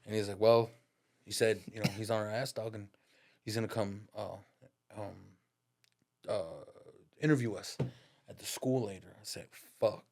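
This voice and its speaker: A man's voice: on the low side, steady tone, moderate pace, long pauses, a little mellow. Man telling a profane story. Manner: profane, slang-heavy, addresses listener as "dog"; laughs through his stories. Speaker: podcast guest, barber. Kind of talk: casual storytelling.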